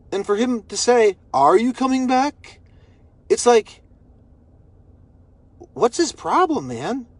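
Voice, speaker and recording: A man's voice: sits high, dry recording. A man recording a personal video message, rambling and repeating himself as he vents his frustration. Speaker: vlogger.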